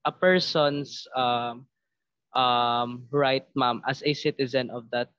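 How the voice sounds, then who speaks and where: A male student answering in class, slow and hesitant, dropping fillers and a polite "ma'am" every few words. His voice is dry and close, with dull, lo-fi call audio. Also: mid-range voice, fairly even intonation, a bit bright, clean tone, no echo. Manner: hesitant, many fillers, says "ma'am" often.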